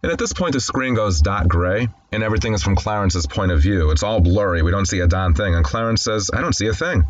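A low-voiced man talks through a film scene by scene, reading its dialogue aloud and adding wry, conversational asides. The sound is a little dull and lo-fi. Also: lively intonation, a little fast, few pauses, a little hiss or hum. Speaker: host. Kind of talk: film commentary and scene description.

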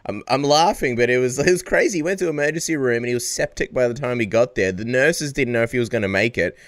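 A man hosting an interview, laying out context at a measured pace before asking his question. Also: medium pitch, no echo, studio quality. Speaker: radio show host.

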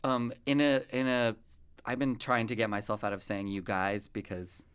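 A woman's voice: a bass voice, little pitch movement, moderate pace, clear, resonant tone. A woman from the US West Coast hosting a podcast in casual chat, rambling and often cutting herself off. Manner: rambling, chatty, self-interrupting. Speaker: podcast host.

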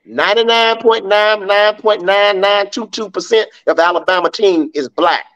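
A man's voice: high-pitched, moderate pace, fairly bright tone, poor audio. A man giving his blunt, emphatic take as a panelist on a casual sports talk podcast. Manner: blunt and emphatic, talks straight to the fans.

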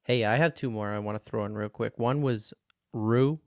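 A man co-hosting a podcast, chatting casually in a loose, profane, animated way. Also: lowish voice, moderate pace, dry recording, clean studio sound. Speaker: podcast co-host. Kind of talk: casual chat.

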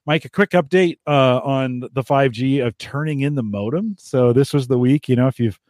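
A man's voice: medium pitch, normal speed, darkish tone, dry recording, clean studio sound. An American man hosting a gadget podcast in casual chat, chatty and laughing often, with many restarts. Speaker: podcast host.

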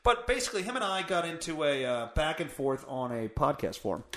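A man's voice: fairly high pitch, lively intonation, fairly quick, few pauses. Blunt, profane man hosting a podcast. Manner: blunt, profane, self-mocking. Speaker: podcast host. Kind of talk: casual solo podcast rant. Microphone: studio mic with pop filter through a mixer.

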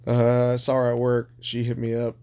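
On a casual podcast, a man rambles through personal stories in a blunt, heavily profane, confessional way. His mid-range voice is smooth and a little mellow, with a completely flat delivery at normal speed.

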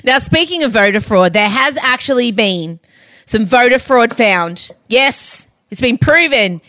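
Woman cohost chatting casually, wry, laughs a lot, swings her pitch around, dry mic. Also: lively intonation, unhurried, a bit bright, dry recording. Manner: wry, laughs while telling stories. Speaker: podcast co-host. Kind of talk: casual chat.

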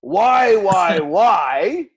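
Spoof ad: a man doing a booming, swaggering Welsh crooner, higher than his usual voice, lively and loud. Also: very slow, a crowd in the background, full character voice. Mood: hammy. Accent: Welsh, put on. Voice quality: exaggerated, booming showman delivery. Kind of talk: comedy spoof advert.

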